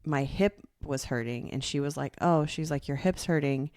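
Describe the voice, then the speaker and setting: Young mom co-host, chatty, explains stuff, smooth clear voice, dry close sound. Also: female voice, deep voice, a little mellow, no echo. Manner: chatty, explains things, quick laugh. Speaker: podcast co-host. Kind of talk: casual chat.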